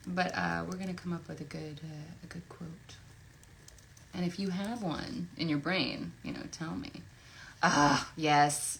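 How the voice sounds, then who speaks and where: Woman voice actress, casual livestream chatter, effusive and a bit low-pitched. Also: sing-song, unhurried, gravelly, pauses often, a little hiss or hum. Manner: chatty and effusive, thinks out loud. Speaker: voice actress at an autograph signing.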